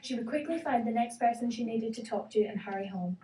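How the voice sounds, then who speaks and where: A woman reading a children's story aloud in a gentle, expressive way. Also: on the high side, brisk, hardly any pauses. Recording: roomy, distant, faint hiss.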